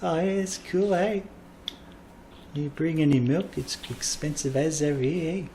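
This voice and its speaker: A man's voice: fairly high pitch, measured pace, warm tone, slight background noise, pitched above the performer's own voice. A man doing a laid-back New border officer. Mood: relaxed. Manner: easygoing, drawling slang.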